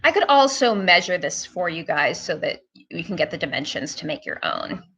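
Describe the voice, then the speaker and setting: A woman's voice: fairly low pitch, very animated, moderate pace, a bit bright, husky, highs cut off. A woman hosting a casual live-stream hair tutorial, chatting to her viewers with lots of fillers. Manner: chatty, filler-heavy, talks to viewers as "guys".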